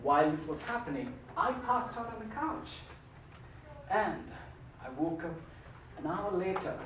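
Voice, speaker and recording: A man's voice: a little high, reverberant, far from the mic, background noise. A man giving a humorous storytelling speech at a contest, with a playful, theatrical delivery. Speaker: contest speaker.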